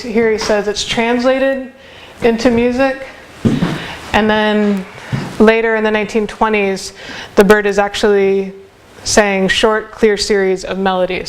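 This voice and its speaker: A woman giving a university seminar lecture, speaking thoughtfully and hesitantly with many filler pauses. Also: mid-range voice, slight background noise. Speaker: academic speaker. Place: seminar room.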